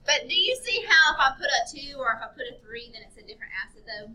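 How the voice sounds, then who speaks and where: Female teacher, high bright voice, brisk and affectionate, says honey to students. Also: animated, rough recording. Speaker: chemistry teacher. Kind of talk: classroom teaching. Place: classroom.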